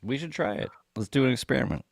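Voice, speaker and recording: A man's voice: mid-range voice, expressive, fast talker, gravelly. A man on a podcast, making dry, offhand, goading jokes in casual banter. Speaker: podcast co-host.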